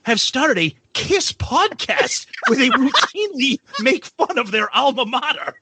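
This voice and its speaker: A man's voice: very high voice, big pitch swings, measured pace, pushed and bright, a little hiss or hum. A man in his forties co-hosting a podcast, casually telling self-mocking stories. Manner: joking, self-mocking storyteller. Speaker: podcast co-host. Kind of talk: casual chat.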